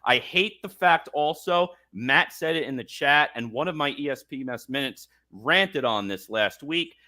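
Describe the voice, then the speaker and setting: High, bright-voiced man ranting about sports. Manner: fired-up, ranting, mocking quotes. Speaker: podcast host. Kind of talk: heated sports talk rant.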